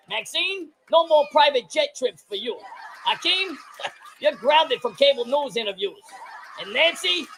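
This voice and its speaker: A performer voicing a brash male president in a parody clip, shouting insults and bragging. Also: high-pitched, gravelly, a little hiss or hum, full character voice, poor audio. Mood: scolding. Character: brash blustering male president scolding Congress.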